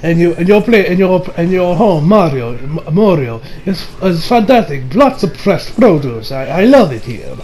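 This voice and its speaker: A man voicing a suave, welcoming male chef with a put-on Italian accent and a drawn-out, theatrical delivery. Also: a little high, sing-song, darkish tone, a little hiss or hum. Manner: exaggerated theatrical drawl.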